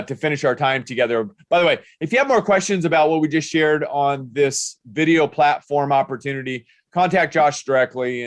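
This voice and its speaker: A man's voice: mid-range voice, no room sound. An older man hosts an interview podcast, speaking in an upbeat, motivational way. His voice is recorded dry and close, with no room sound. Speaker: podcast host. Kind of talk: interview hosting.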